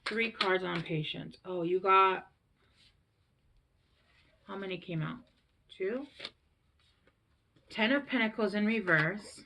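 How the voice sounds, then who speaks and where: A woman's voice: mid-range voice, slow pace, vocal fry, long pauses, bright, forceful tone. A woman in her thirties giving a casual tarot reading to camera, emotional and rambling, often trailing off and restarting her sentences. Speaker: tarot reader.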